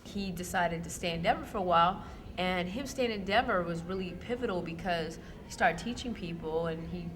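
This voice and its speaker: A woman giving calm, matter-of-fact documentary narration. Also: fairly low pitch, a little fast, a little hiss or hum.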